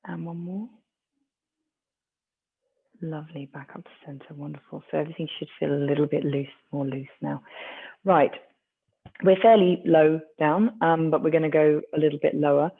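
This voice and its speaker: A stretching instructor, guiding a class gently and encouragingly, with light self-mocking asides. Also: medium pitch, fairly even intonation, normal speed, creaky, long pauses, husky. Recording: tinny phone-like sound.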